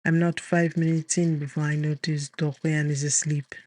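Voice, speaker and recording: A man who hosts and narrates a romance audiobook series in a calm, measured, gentle storytelling manner, recorded close on a studio mic. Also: fairly high pitch.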